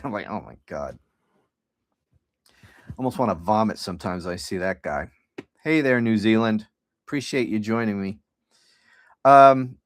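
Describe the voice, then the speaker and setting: A man's voice: on the low side, no room sound. A middle-aged man hosting a podcast livestream, talking casually in a rambling, sardonic and profane way. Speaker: podcast host.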